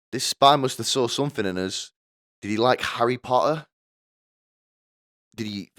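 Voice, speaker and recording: A man's voice: mid-range voice, no echo, clean studio sound. A young man hosting a podcast with a crude, rambling, sardonic comedic monologue. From United Kingdom. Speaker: podcast host.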